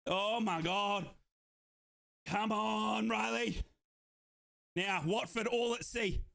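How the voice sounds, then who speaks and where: A young man from Australia hosts a football watchalong stream, alternating between euphoric yells and rapid play-by-play. His voice sits high and bright, with a sharp edge, and he is audibly out of breath from all the shouting. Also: creaky. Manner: euphoric fan shouting and yelling over goals, then rapid play-by-play. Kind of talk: excited live match commentary for a watchalong stream.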